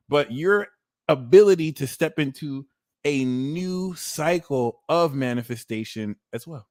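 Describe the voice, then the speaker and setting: 30s guy doing live tarot, kinda high voice, blunt, swears a lot, gets really worked up. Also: moderate pace. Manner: blunt, animated, swears freely. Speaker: tarot reader. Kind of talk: livestream tarot reading.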